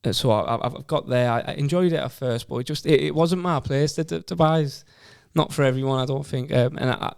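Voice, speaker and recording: A man's voice: mid-range voice, fairly quick, gravelly, few pauses, a little mellow, smooth, no echo, clean studio sound. A man in his twenties with a Teesside accent, a podcast guest telling his story casually and earnestly, often repeating words as he goes. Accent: Teesside English. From Stockton-on-Tees, England. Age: 20s.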